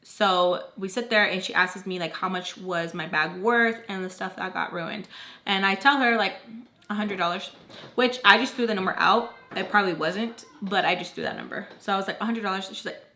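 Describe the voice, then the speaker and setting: A young woman telling a casual storytime, animated and blunt, swearing and dropping in Spanish. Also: medium pitch, moderate pace. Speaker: vlogger telling a nanny story.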